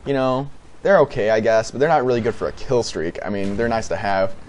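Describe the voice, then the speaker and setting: A man's voice: lowish voice, a little fast. A young man giving off-the-cuff gameplay commentary, hesitant, with many fillers and restarts.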